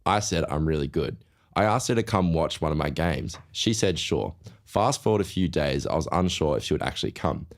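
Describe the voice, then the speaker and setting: A man's voice: extremely low pitch, animated, brisk. A young man, a podcast co-host reading listener stories aloud in a casual way. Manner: reads aloud with laughs.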